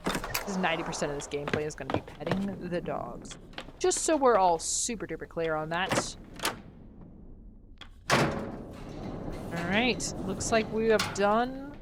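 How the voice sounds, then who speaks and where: A woman's voice: on the low side, lively intonation, noisy background. A woman streaming a story game, chatting playfully and reading the characters' lines aloud. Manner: playful, doing quick character voices. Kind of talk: reading game dialogue aloud, casual chat. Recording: loud game music behind voice.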